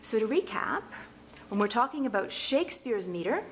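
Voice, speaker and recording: A woman's voice: a little high, very animated, normal speed, slight background noise. A woman instructor giving a patient recorded lecture, chanting rhythm patterns aloud to explain them. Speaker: literature instructor.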